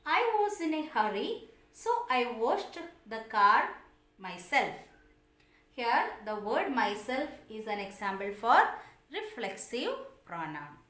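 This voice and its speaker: A woman gives a grammar lesson at an unhurried pace, her fairly high voice rising and falling as she checks in with her students. Her English phrasing is non-native, and the sound carries a noticeable room echo. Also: sing-song, a bit bright. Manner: patient, asks students questions, repeats examples.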